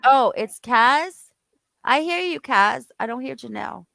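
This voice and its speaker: A woman's voice: high-pitched, animated, measured pace, gravelly, a bit bright, no room sound, low-quality recording. A woman hosting a casual live-stream chat, talking playfully and laughing often.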